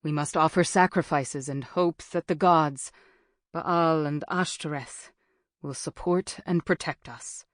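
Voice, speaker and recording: Woman doing a grave ancient father, low, slow, steady, dry sound. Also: dry recording.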